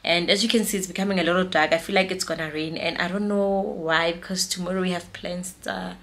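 A woman's voice: fairly low pitch, steady tone, fast talker, fairly bright tone. A young South African woman with a South African accent, chatting casually in her vlog and mixing English with her home language. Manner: chatty, switches between English and Sesotho/Setswana. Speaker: vlogger.

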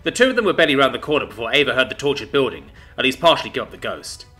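Animated male sci-fi story narrator. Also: medium pitch, racing, faint music behind. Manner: dramatic storytelling.

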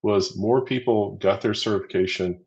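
An upbeat, chatty man co-hosts a live training stream, counting down quiz answers and cheering viewers on. His voice sits on the low side. The audio is dull and lo-fi. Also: normal speed, creaky, a little mellow. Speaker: livestream co-host running a quiz. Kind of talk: casual livestream teaching.

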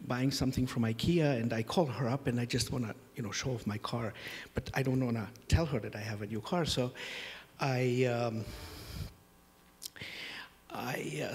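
A middle-aged man hosts a conference in a conference hall, opening with humorous, self-deprecating stories about his family as a storytelling introduction. His medium-pitched voice has a darkish tone at normal speed, trailed by long reverb.

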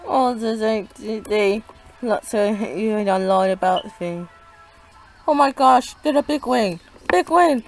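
A woman giving live gameplay commentary as a channel host, often bursting into panicked, repeated exclamations. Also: on the high side. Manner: excitable, frequent panicked exclaiming and repeated cries.

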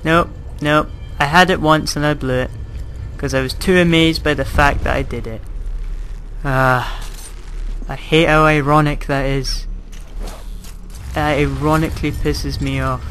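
A young man talks through a video game in a fairly high voice. He mocks himself, cracks sarcastic jokes and swears when a jump goes wrong. A faint hum of noise sits under his voice. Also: fairly even intonation, a little slow, fairly bright tone. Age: young adult. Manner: self-mocking, sarcastic, swears when frustrated. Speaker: gaming commentator. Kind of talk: casual gameplay commentary.

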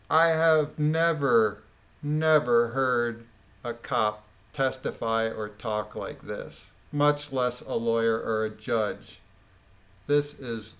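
A man's voice: mid-range voice, takes it slowly, fairly bright tone. A man reading a court transcript aloud and breaking off into incredulous, scoffing commentary.

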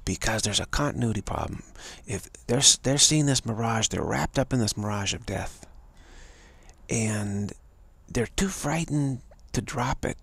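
Guy giving a spiritual talk, super gravelly and husky, keeps restarting his words, dry close sound. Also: medium pitch, a bit bright, dry recording. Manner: halting, repeats words and restarts; acts out quoted voices in a story. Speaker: spiritual teacher.

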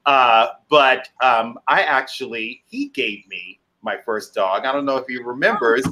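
Bright-voiced chatty male host. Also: medium pitch, a little slow, a little hiss or hum. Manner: chatty and enthusiastic, reads viewer comments aloud. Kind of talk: casual video chat hosting.

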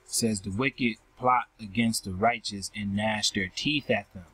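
This man's lowish voice is steady, bright and forceful, with a breathy edge, and he reads scripture verses and explains them to listeners he addresses as family. Slow and repetitive, he closes almost every phrase with a questioning "right?" The recording is rough, though there's no echo.

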